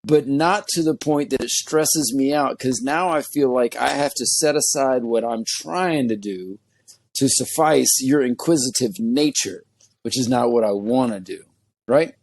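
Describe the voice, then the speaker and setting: A man hosting a casual podcast chat, an animated storyteller who acts out voices. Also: mid-range voice, unhurried, no room sound. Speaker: podcast host.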